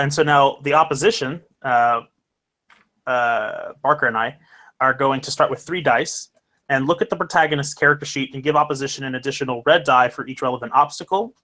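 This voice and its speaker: Young guy running a tabletop game, bright voice, keeps stopping to think. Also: medium pitch. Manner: halting, many fillers and restarts. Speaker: game master. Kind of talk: casual tabletop game talk.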